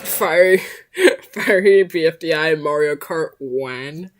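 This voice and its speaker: A woman reacting to a game trailer in casual, slangy commentary, excitable and quick to laugh and shout out. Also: low voice, soft background music.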